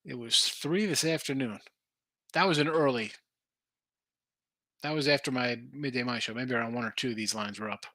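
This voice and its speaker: Casual male betting-show host, bright forceful voice, dry close mic, rambling and animated. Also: medium pitch, moderate pace, long pauses, dry recording. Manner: animated, rambling, thinks aloud over betting lines. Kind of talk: casual live-stream chat reading viewer picks.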